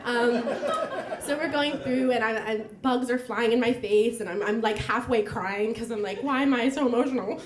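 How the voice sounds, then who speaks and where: A woman's voice: on the high side, fairly even intonation, moderate pace, crowd noise. A young woman telling a personal story live on stage, chatty and laughing, with lots of fillers. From United States. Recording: echoey live room.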